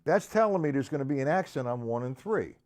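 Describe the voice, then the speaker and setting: Over loud music and drum playing, a man with an expressive mid-range voice talks fast while teaching a live-streamed drum lesson in an indoor studio. He counts beats aloud and calls on students by name into a live stream microphone.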